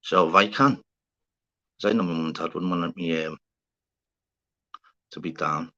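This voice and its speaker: Livestream host, Scouse man, very low pitch, chatty and sweary, dull lo-fi audio. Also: a little slow, bright, forceful tone. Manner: chatty, swears casually, calls viewers mate and fella. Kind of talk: casual livestream chat with viewers. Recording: slightly dull lo-fi sound.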